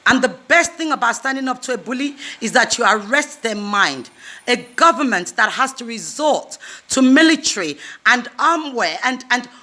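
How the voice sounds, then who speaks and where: High, bright, impassioned woman. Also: lively intonation, moderate pace. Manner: indignant, emphatic, repeating for force. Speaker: activist. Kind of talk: impassioned video address.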